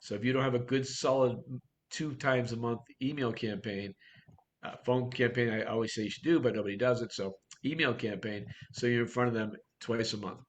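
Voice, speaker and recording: A man's voice: medium pitch, fairly even intonation, fairly quick. A man coaching real estate agents in a workshop talk, blunt and direct, firing off rhetorical questions.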